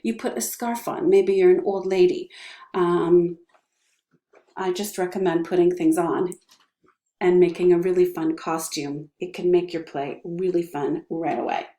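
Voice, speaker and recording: An upbeat, encouraging woman in middle age leads a drama lesson. She keeps checking in with her students. Her voice is a touch low and mellow, and it echoes in the room. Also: steady tone, unhurried. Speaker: drama teacher. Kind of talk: online class lesson with vocal warm-ups.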